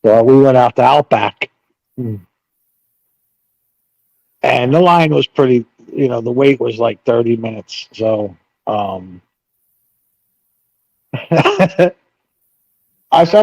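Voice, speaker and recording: A man's voice: mid-range voice, slow, vocal fry, long pauses, darkish tone, dry recording, muffled recording. A middle-aged man telling a rambling, profane story on a live chat panel.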